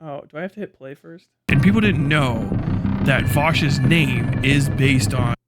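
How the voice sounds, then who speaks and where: A man's voice: medium pitch, unhurried, loud music behind the voice. A man talking casually on a livestream, rambling and swearing, often laughing and trailing off. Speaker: live streamer.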